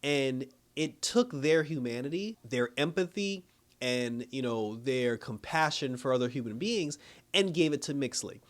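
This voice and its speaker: A man's voice: medium pitch, animated, measured pace. A man casually reviewing a TV episode, rambling with many fillers and frequent chuckles. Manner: rambling, full of "you know" and "like" fillers; chuckles often while recapping.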